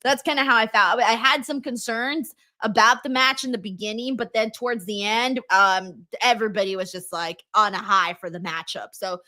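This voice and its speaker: Bright, high-voiced animated woman co-host. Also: normal speed, hardly any pauses. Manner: animated, laughs often, acts out crowd reactions. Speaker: wrestling show co-host. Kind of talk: casual podcast chat.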